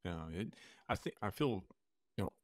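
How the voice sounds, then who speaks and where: A man from Texas hosts a podcast in a low voice. He feels his way into friendly questions and often restarts his phrasing. The recording is close and dry. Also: expressive, normal speed, no echo. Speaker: podcast host. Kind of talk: casual interview.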